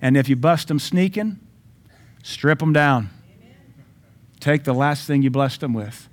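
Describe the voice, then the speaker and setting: Speaking at mid pitch, a pastor drives home every point of his sermon. He lurches from loud, insistent statements to soft, lingering asides, and the preaching stays plain, direct, and forceful throughout.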